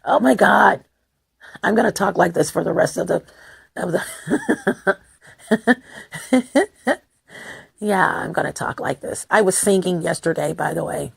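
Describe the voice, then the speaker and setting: A woman talks straight to her viewers in a loose, wandering monologue. Her voice has a gravelly, creaky texture and sits lower and rougher than usual. She hammers her points home by repeating words in rapid runs. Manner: emphatic, repeats words in bursts. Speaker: vlogger. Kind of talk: casual rambling monologue to viewers.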